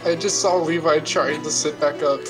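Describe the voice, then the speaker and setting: A man's voice: a little high, fairly even intonation, moderate pace, music in the background. Panicky man in comedic banter. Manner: panicked, dramatic reactions.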